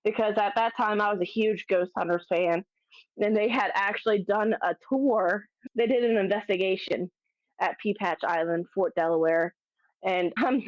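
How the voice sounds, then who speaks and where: A woman guest telling a story in a casual, animated way, laughing often and restarting sentences. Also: lowish voice, no echo. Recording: dull, dry lo-fi audio.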